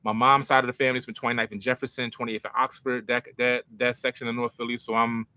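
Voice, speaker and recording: A man's voice: medium pitch, little pitch movement, fast talker, sharp tone, no echo. A young man from North Philadelphia with a Philadelphia accent, telling stories in a casual, self-mocking way with street slang as a podcast host. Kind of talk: casual storytelling to a live chat.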